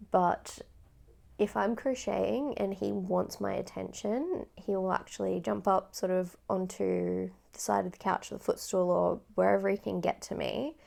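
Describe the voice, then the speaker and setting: Aussie woman yakking about crochet, lots of ums, crackly fry in her voice, mid pitch. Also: a little mellow. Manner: chatty, rambling with many fillers. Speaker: crochet vlogger. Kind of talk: casual chat.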